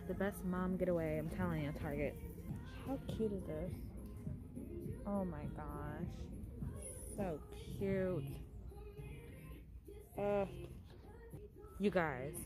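A woman's voice: lowish voice, slow pace, pauses often. A woman vlogging while she shops, gushing and exclaiming over baby items as a mom. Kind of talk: casual shopping vlog. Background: music.

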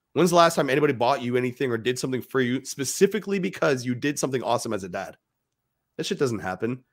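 A man's voice: medium pitch, a bit bright. A man co-hosting a podcast, giving blunt, profane, emphatic motivational talk to fathers. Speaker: podcast co-host.

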